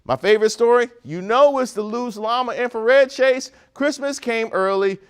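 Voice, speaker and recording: A man's voice: very high-pitched, moderate pace, clean tone. A man from Maryland hosting a comedic news segment, delivering wry, sarcastic commentary. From Prince George's County, Maryland, US.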